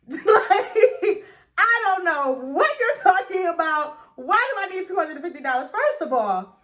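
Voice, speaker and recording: A young woman telling a dramatic story in a chatty storytime vlog, full of slang and quick swings between loud and hushed. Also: extremely high pitch, sing-song. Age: young adult. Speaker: vlogger.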